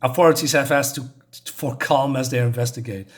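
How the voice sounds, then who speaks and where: A man's voice: medium pitch, steady tone, fairly quick. A man casually reviewing a comic book on his channel, talking in a loose, hesitant, rambling way as he recaps the story.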